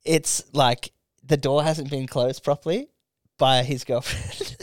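A man's voice: steady tone, slow pace, no echo, clean studio sound. Sweary young man telling stories. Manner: rambling storyteller, sweary, acts out quotes in high voices. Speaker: podcast co-host. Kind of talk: casual podcast chat.

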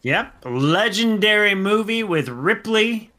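A man's voice: high-pitched, animated, takes it slowly, sharp tone. A man co-hosting a casual radio show, joking and riffing on each topic. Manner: jokey, riffs with mock announcer voices.

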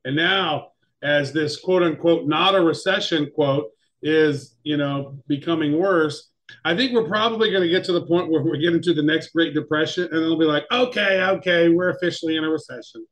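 A man's voice: on the high side, normal speed, a bit bright, low-quality recording. A man co-hosting a podcast, chatting casually and rambling with many fillers. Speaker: podcast co-host. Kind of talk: casual chat.

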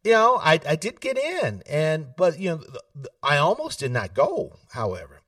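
A man, telling stories in an animated way, laughing often and acting out family voices. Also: on the high side, normal speed, no room sound, recorded from a distance. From South Carolina. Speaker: political candidate, guest. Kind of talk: casual storytelling interview. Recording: dry sound, set back from the mic.

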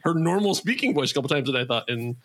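A man's voice: fairly high pitch, animated, fast, fairly bright tone. A man, creator and host of an audio drama podcast, chatting casually and rambling with many restarts. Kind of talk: casual chat.

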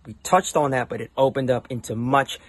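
A man's voice: medium pitch, fairly even intonation, brisk. Guy hosting a podcast, chatty and upbeat, rambles a bit before asking stuff. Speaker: podcast host. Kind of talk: podcast intro and interview questions. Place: outdoors in a backyard.

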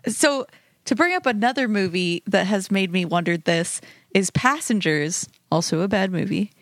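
A woman's voice: mid-range voice, animated, moderate pace, dry recording. Chatty woman with a dry close sound. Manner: chatty, leads with questions. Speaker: podcast co-host. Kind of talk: casual chat.

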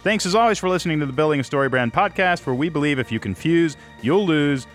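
A man's voice: a little high, animated, fast, a bit bright, soft background music. A man hosting a podcast, talking in an enthusiastic, conversational way into a close mic. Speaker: podcast host. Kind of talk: podcast interview and wrap-up.

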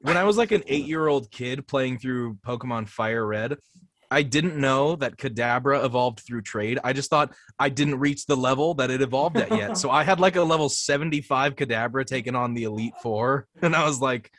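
A man chatting casually with friends on a podcast, playful and animated as he tells stories. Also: medium pitch, normal speed, no room sound. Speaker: voice actor on a podcast. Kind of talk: casual group chat.

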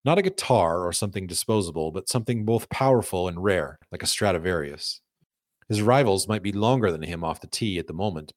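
Low-voiced man narrating a documentary. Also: dry recording, studio quality. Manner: measured, reads quotes aloud in his own voice. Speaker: narrator and podcast host.

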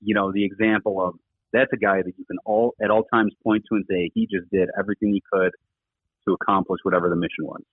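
Husky man on a tinny phone line. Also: lowish voice, fairly even intonation, quick pace, dry recording. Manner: earnest, rambling with many fillers. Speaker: former rugby coach, podcast guest. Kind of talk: casual conversational interview talk.

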